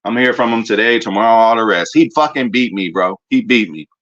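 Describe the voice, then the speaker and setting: Excitable profane man ranting about football. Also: fairly low pitch, quick pace, lo-fi sound. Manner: animated, profane, rambling fan banter. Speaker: sports fan commentator. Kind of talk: casual fan rant.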